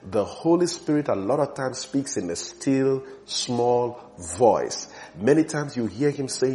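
A man preaching a sermon in a church, emphatic, his voice swelling loud on key phrases and sinking low at the ends of others. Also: lively intonation, measured pace, few pauses.

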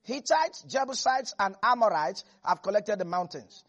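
A preacher giving an animated sermon, repeating lines for emphasis and laughing often. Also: mid-range voice, normal speed, highs cut off. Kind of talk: lively sermon.

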